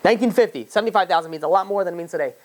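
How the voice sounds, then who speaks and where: A man preaching as a rabbi, telling a story at a brisk clip. He acts out the people in the tale as he goes. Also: high voice. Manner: animated storyteller who acts out quoted voices. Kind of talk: storytelling sermon.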